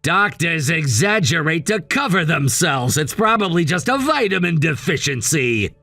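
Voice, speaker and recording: A man voicing a controlling, scornful husband in a text-message story, dismissive and given to shouting. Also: a little high, sing-song, normal speed, creaky, no room sound, soft background music, exaggerated voice. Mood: angry, scornful. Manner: bossy and dismissive, shouting at times.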